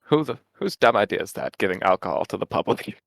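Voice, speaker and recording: Low-voiced man joking as a player. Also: expressive, quick pace, vocal fry, no echo. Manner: stammering, laughing, joking. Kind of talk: casual tabletop play.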